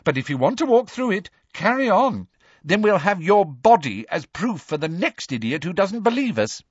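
A man's voice: high voice, big pitch swings, moderate pace, breathy edge, no echo, highs cut off, voice pushed up, full character voice. A man doing a sarcastic, bold teenage girl. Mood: exasperated.

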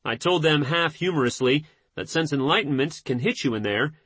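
Slightly high husky guy reading a self-help audiobook, steady pace, dry close sound. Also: fairly quick, dry recording. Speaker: audiobook narrator. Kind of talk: scripted nonfiction audiobook narration.

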